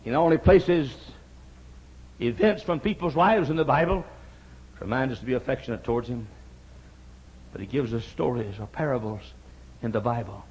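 A man preaching a sermon as pastor, swinging from hushed, quiet passages to drawn-out shouted cries. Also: medium pitch, breathy edge, highs cut off.

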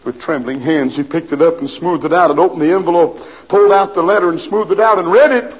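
High-voiced man preaching a dramatic sermon. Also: fast talker, hardly any pauses, slightly rough, rough recording. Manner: dramatic storytelling, urgent appeals.

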